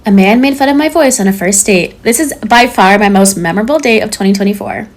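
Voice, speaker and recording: A woman with a high-pitched voice casually telling a story in a chatty way. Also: fast talker. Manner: chatty, laughs between sentences.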